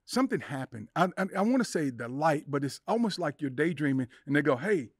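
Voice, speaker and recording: A middle-aged man appears as a podcast guest, telling an emotional personal story with intensity and acting out the voices in his head and quoting others. His animated voice runs on the high side at a quick pace, captured in studio quality with no echo.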